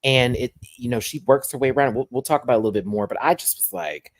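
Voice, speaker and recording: A man's voice: medium pitch, fast, dry recording. A man hosting a casual reality-TV review rant at home, sassy and slang-heavy. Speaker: show reviewer and host. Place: at home, with a pet on his lap.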